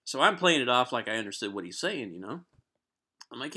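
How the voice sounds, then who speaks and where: A man's voice: medium pitch, very animated, brisk, bright, forceful tone. A man telling a rambling personal story on a live stream, with many restarts. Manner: rambling, lots of fillers and restarts, clears his throat. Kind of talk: casual storytelling.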